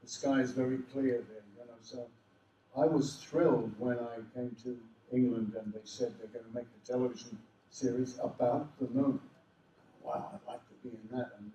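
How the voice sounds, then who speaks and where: Casting: older Australian man, animated raconteur, roomy hall, mic set back from him. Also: mid-range voice, distant mic, a little hiss or hum. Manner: animated, does voices of people in his stories. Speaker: convention panel guest. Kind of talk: storytelling anecdotes to a live audience. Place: convention hall.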